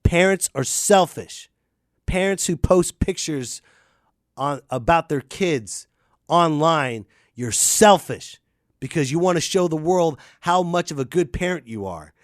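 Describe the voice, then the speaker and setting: A man's voice: on the high side, expressive, measured pace, no room sound, clean studio sound. A man ranting crudely and animatedly about parenting, now and then mocking others in put-on voices. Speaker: podcast host. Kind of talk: ranting monologue.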